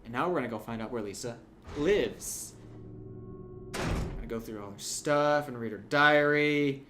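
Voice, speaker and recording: A young man commentating a video game playthrough, chatty and jokey, with sudden loud yelps. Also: mid-range voice, a little slow, soft background music. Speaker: gameplay commentator. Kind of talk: let's play commentary.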